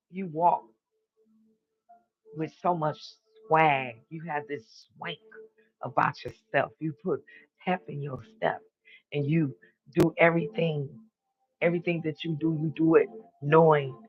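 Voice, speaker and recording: A man gives a preachy spiritual monologue on his live stream, swearing casually and hammering home his declarations again and again. His voice sits a little high and he speaks slowly. The stream audio sounds muffled and lo-fi.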